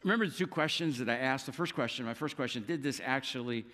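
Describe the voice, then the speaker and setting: A man preaching a sermon, telling a scripture story with lively emphasis and acting out quoted lines. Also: medium pitch, fast talker, big-room sound. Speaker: pastor.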